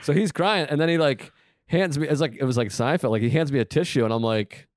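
A man's voice: mid-range voice, fast, no room sound. Candid rambling man, dry close sound. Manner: candid, rambling, self-deprecating. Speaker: podcast host. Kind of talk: casual conversational chat.

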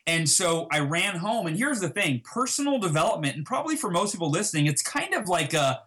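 A man telling a personal story as an interview guest, acting out past conversations with lively emphasis. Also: high voice, brisk. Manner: animated, reenacts dialogue with emphasis.

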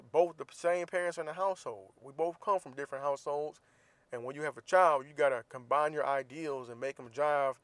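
A man's voice: mid-range voice, dry recording. Laid-back man telling stories. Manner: laid-back, teasing, profane. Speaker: vlogger. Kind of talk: casual storytelling monologue.

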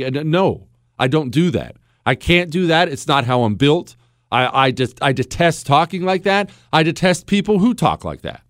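A man's voice: fairly high pitch, moderate pace, no room sound, clean studio sound. A middle-aged man hosting a radio talk show, blunt and sarcastic, ranting in a monologue and mocking others by imitating them. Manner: blunt, sarcastic, animated, mocks with mimicry. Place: radio studio.

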